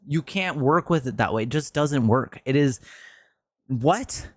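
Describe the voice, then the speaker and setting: Exasperated male streamer, average pitch, dead-dry close mic, heated profane commentary. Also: lively intonation, measured pace, no room sound. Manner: frustrated, exasperated, swears often; pitch jumps up sharply when worked up. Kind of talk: ranting commentary video.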